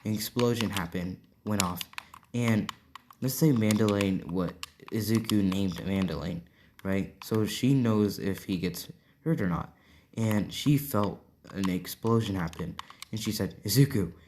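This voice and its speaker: A man improvising a fan-fiction story out loud, rambling and tagging almost every point with a quick check-in question. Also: on the low side, a little hiss or hum. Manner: rambling, constantly checking in with "right?".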